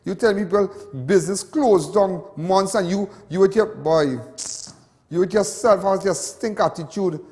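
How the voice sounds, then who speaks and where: A high-voiced Trinidadian man hosts a TV show in an impassioned monologue. He rambles and repeats himself, dropping local slang as he gets worked up. A long reverb trails behind his voice. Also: normal speed, darkish tone. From Trinidad and Tobago. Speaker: TV show host.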